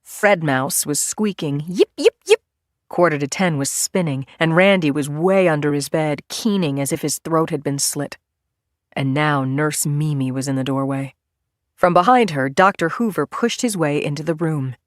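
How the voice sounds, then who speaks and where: A woman reads a thriller audiobook in a low, measured voice. Her narration is steady and even, carrying the tension without rushing. The recording is dry and close-miked. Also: dry recording. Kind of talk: scripted narration.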